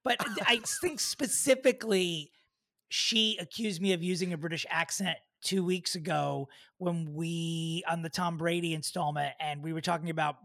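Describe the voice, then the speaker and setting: A man co-hosting a podcast in casual chat, rambling through a funny story and quick to joke. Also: on the high side, steady tone, gravelly, a bit bright, no room sound, clean studio sound. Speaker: podcast co-host.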